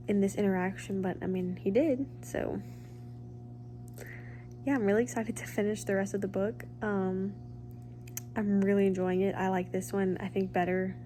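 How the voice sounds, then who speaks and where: A woman's voice: medium pitch, dark tone, slight background noise. A nineteen-year-old woman chatting casually in a reading vlog, gushing about a book with lots of ums and likes. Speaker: book vlogger.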